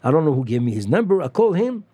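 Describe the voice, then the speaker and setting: A man from France, a musician telling stories in an interview, halting with many fillers and restarts. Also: a little high, very animated, dark tone, husky, dry recording. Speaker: musician guest. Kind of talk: casual storytelling interview.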